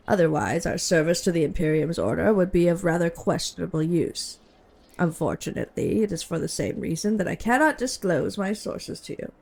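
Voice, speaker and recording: A woman reading aloud the lines of a prim, cold female imperial bureaucrat in a formal, measured, coolly polite voice. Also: on the low side, creaky, darkish tone, voice pushed down. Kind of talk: reading game dialogue aloud.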